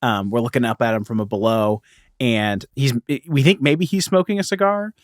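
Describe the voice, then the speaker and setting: A man's voice: mid-range voice, moderate pace, dry recording, studio quality. A man co-hosting a podcast, casually summarizing a comic book issue and laughing often as he retells scenes. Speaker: podcast co-host.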